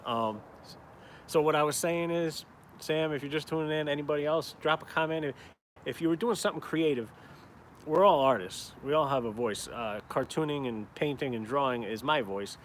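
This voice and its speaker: A man's voice: fairly high pitch, normal speed. Man, caricature artist, casual live-stream chat, rambling, outdoors, faint street noise. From upstate New York. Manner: rambling, chatty, swears casually. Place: outdoors in town, cold.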